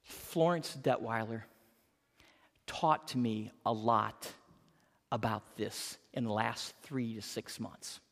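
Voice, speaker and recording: A pastor in his or her fifties preaches a sermon in an earnest, animated way, often repeating words. The mid-range voice moves slowly and carries vocal fry. It sounds like a large hall.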